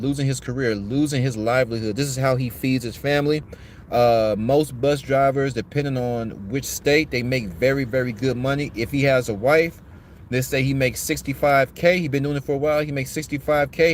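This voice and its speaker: A man's voice: mid-range voice, a little fast, a little hiss or hum. A man hosting a commentary podcast, giving a blunt, profane, preachy rant.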